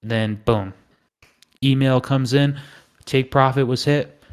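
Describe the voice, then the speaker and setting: A man hosts a live trading stream, chatting casually and animatedly acting out the panicked inner thoughts of traders. His medium-pitched voice is slow with a clean tone.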